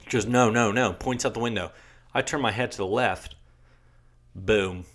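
A man's voice: fairly low pitch, moderate pace, a bit bright. A young man from Virginia, co-hosting a podcast, telling a rambling story full of swearing and restarts. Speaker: podcast co-host. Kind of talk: casual storytelling chat.

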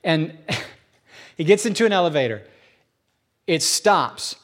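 A middle-aged man preaching a conversational sermon as a pastor, an animated storyteller who acts out voices. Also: on the high side, slow.

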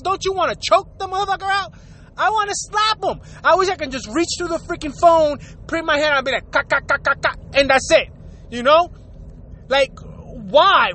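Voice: high voice, sharp tone, a little hiss or hum. A podcast host delivering a heated, profane comedic rant in street slang, acting out both sides of the exchanges.

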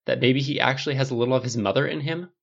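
A man's voice: medium pitch, steady tone, racing, creaky, dull audio, voice pushed up. A man reading aloud and voicing a firm, cutting middle-aged mother in an audiobook of a story. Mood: sharp, bitter. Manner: sharp, exasperated, poisonous.

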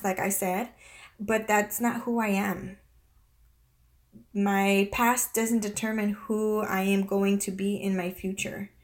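A woman in her thirties speaks to her viewers in a confessional vlog. Her voice sits at an ordinary middle pitch. She talks in a halting way, close to tears, and often stops to restart her sentences. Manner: halting and tearful, many restarts and fillers. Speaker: vlogger.

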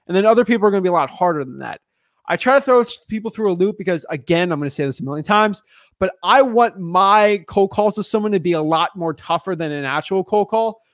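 A man's voice: high voice, dry recording, studio quality. A man hosting a live stream as a real estate coach, chatting casually with lots of fillers and restarts. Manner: energetic, rambling, many fillers and restarts.

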